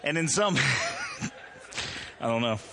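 A middle-aged pastor preaching to his congregation in a church. He has a medium-pitched male voice and a joking, self-deprecating way of talking, and he often laughs at his own stories. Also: lively intonation, very slow, noisy background. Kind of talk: sermon. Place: church sanctuary.

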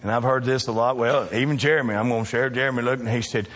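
A man's voice: mid-range voice, steady tone, fast talker, few pauses, fairly bright tone, big-room sound, slight background noise. A male pastor preaching a sermon, emphatic and calling out to his congregation in a church. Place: church sanctuary.

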